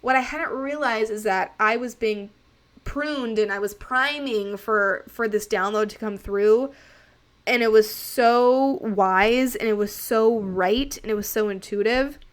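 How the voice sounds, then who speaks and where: A woman's voice: fairly high pitch, measured pace. A young woman in her late twenties hosts her own podcast. She tells a personal story in a candid, chatty way, often turning to her listeners as she talks. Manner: candid and chatty, addresses listeners as "you guys". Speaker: podcast host.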